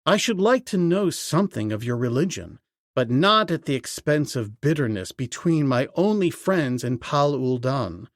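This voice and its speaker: A man's voice: medium pitch, big pitch swings, moderate pace, no room sound, studio quality, pitched below the performer's own voice. A man reading as Tarzan, firm and commanding. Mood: diplomatic. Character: Tarzan, commanding jungle hero man, peacemaking.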